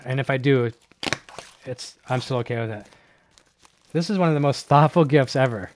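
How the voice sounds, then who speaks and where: A man hosting a live online show, chatting casually and excitedly while unboxing, with many fillers and restarts. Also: medium pitch, a little fast, pauses often, slight background noise. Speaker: host of a live gear show.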